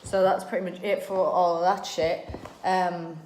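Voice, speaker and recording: A young woman in her twenties chats in a loose, rambling way, filling her sentences with "like". Her voice sits slightly low. The recording has a roomy echo with a faint hiss under it. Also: little pitch movement, unhurried, darkish tone. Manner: chatty, rambling, peppered with "like". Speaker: vlogger. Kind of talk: casual chat. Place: her own home, a bedroom.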